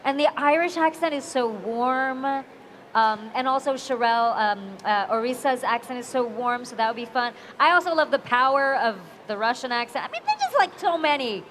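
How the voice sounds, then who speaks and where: A woman voice actor answering fan questions at a convention panel, expressive and animated. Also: high voice, slight background noise. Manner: animated, expressive, quick to laugh. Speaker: voice actor guest. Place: convention hall.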